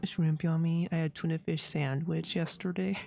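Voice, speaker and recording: A woman's voice: low voice, fairly even intonation, unhurried, gravelly, dark tone. A woman streaming her art, chatting casually and rambling as she draws, with frequent giggles and playful sound effects. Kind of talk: casual chat while drawing.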